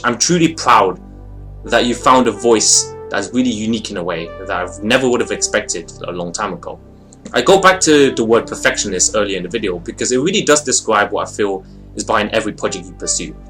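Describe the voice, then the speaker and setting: Lively young man reviewing a short film. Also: lowish voice. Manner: expressive, rambling with fillers. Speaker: video reviewer. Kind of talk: casual video review.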